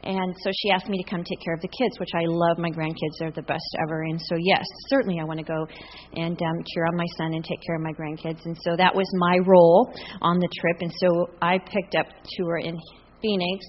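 A woman's voice: fairly low pitch, flat delivery, fairly quick, slight background noise. Older woman, guest preacher, chatty and joking, dull sound, long church reverb. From US Northwest. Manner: chatty and humorous, laughs often. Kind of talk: sermon. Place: large church.

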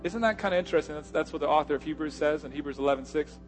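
Emphatic preaching man, higher voice. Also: very fast, faint music behind. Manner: emphatic preaching, swinging from loud punches to hushed asides. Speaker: pastor. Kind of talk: sermon.

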